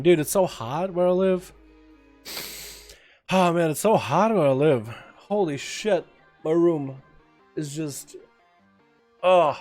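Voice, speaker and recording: A man's voice: on the high side, takes it slowly, long pauses, darkish tone, faint music behind. A man livestreaming a game, chatting loosely with viewers, swearing now and then and hyping up the crowd. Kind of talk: casual gaming livestream chat.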